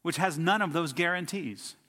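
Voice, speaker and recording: A man's voice: a little high, moderate pace, sharp tone, in a large hall. A middle-aged man preaching a sermon as a pastor, telling stories and building emphatic lists. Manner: storytelling preacher, emphatic lists and rising outbursts.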